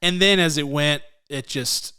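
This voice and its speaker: Chill podcast dude reviewing a movie, laughs a lot, smooth clear voice. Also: male voice, fairly high pitch, unhurried. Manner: laughs often, relaxed and self-deprecating. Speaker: podcast co-host. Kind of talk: casual movie review chat.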